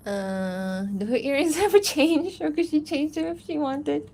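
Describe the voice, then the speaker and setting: A woman's voice: high-pitched, expressive, a little slow, warm tone, a little hiss or hum. A woman animator chatting casually on a livestream, rambling and giggling, with lots of fillers. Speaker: animator streaming while answering chat.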